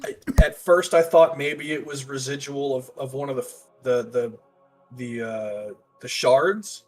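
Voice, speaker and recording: A man's voice: medium pitch, measured pace, soft background music. Hesitant guy at a tabletop game, plain middle voice, stops and restarts a lot. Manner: hesitant, searching for words. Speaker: player. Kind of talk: in-character tabletop play.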